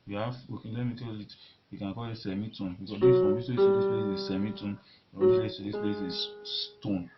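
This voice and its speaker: A man with a fairly low voice teaches beginners at the piano, stopping and restarting his sentences as he plays. The recording is dull and lo-fi, and loud piano notes sound under his talk. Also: steady tone. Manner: halting, repeats words while demonstrating at the keyboard. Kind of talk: casual piano lesson. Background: piano notes being played.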